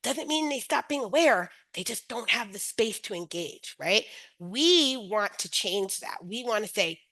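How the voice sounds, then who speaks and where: A woman's voice: mid-range voice, expressive, measured pace, pushed and bright, low-quality recording. A middle-aged woman presenting an educational webinar as a teacher educator, often checking in with her listeners by asking "right?".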